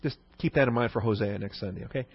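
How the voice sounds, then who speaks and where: A man's voice: lowish voice, quick pace, husky, no room sound, highs cut off. A man teaching a Bible lesson in a conversational sermon style, often asking the listeners "okay?". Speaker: pastor.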